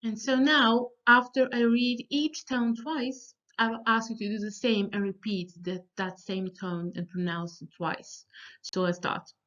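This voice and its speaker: Woman teacher, fairly high voice, patient beginner drills, slightly muffled lo-fi recording. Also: steady tone, a bit bright. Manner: slow, deliberate pronunciation drills with frequent pauses and fillers. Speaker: language teacher. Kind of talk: recorded beginner language lesson.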